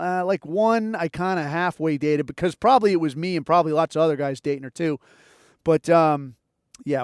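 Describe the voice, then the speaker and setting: Man, podcast host, casual storytelling, swears constantly, somewhat high voice, dry close sound. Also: a little mellow, clear, resonant tone, no echo. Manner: profane, rambling, swears constantly.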